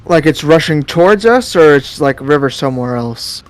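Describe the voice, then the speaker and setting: A man's voice: fairly high pitch, animated, moderate pace, dry recording, soft background music. A man playing in a tabletop role-playing game, thinking aloud and hesitating. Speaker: player. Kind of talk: casual tabletop game chat.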